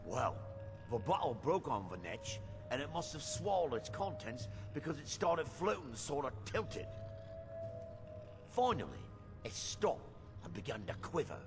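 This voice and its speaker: An actor playing a gruff male innkeeper in a game, telling a tall tale with animated delivery. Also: mid-range voice, a little slow, over music. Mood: storytelling. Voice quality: animated storyteller. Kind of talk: game dialogue.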